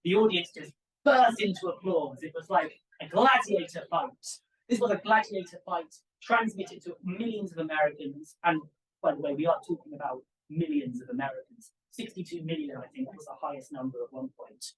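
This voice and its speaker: A young man, a PhD student, giving an academic conference talk in an animated, emphatic way with asides to the audience. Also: high voice, normal speed, recorded from a distance, low-quality recording. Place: conference room.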